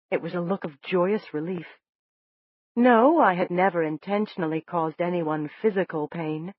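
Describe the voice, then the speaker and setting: An audiobook narrator reading a first-person story in a steady, measured way. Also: medium pitch, no room sound, lo-fi sound.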